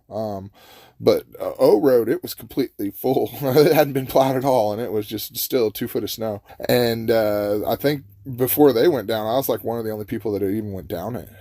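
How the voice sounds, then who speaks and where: Brief: mellow-voiced man, folksy rambling storyteller, dry close sound. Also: fairly low pitch, no echo. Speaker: host telling a personal story. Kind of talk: casual storytelling.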